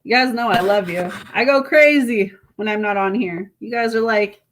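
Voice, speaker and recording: A woman's voice: mid-range voice, moderate pace. A woman doing a live tarot reading, chatting casually with viewers and reading card messages aloud. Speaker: tarot reader.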